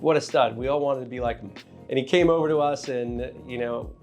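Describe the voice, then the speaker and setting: A man's voice: medium pitch, creaky, a little mellow. A man hosting his own finance channel, giving casual market commentary to camera with candid, joking asides to viewers. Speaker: finance video host and trader.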